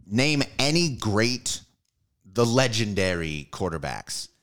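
A man co-hosting a casual sports chat, animated and joking, swearing freely. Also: lowish voice, slow. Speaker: podcast co-host.

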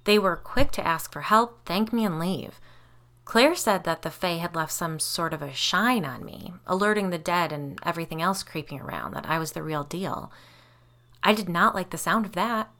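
Woman, audiobook narrator, wry, conversational, low pitch, bright tone. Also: expressive, normal speed. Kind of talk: first-person audiobook narration.

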